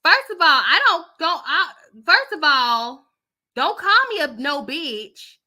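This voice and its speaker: A smug, unbothered young woman taunting her sister, as a woman reads the texts. She drawls each jab slowly and dismissively, and her voice stays bright and sharp. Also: sits high, sing-song, pitched above the performer's own voice, heavily acted.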